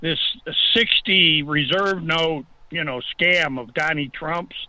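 A man's voice: on the high side, slow, bright, forceful tone, dull audio. Impassioned ranting man on a call-in. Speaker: caller. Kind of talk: call-in talk radio.

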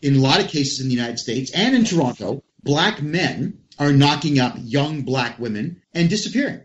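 Male talk host, mid-pitched, emphatic ranting delivery, dull lo-fi audio. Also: animated, moderate pace. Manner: emphatic, ranting, addresses listeners directly. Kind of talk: casual political talk.

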